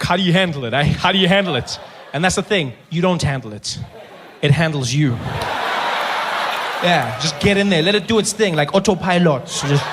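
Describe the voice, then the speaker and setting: A man with a South African accent doing an animated stand-up routine, teasing a member of the crowd by name. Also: a little high, a little hiss or hum. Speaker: stand-up comedian.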